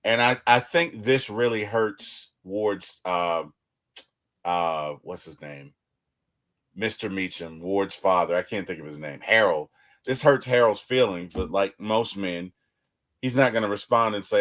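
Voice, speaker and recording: A man's voice: on the low side, expressive, slow, a bit bright. A man co-hosting a TV reaction show, talking in a casual, emphatic way and often repeating words as he restarts.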